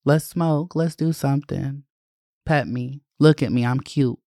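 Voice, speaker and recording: A man's voice: mid-range voice, unhurried, mellow, dry recording, studio quality, close to an everyday voice. A man voicing his laid-back, chunky male house cat, talking in a cool, casual, self-assured way. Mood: chill.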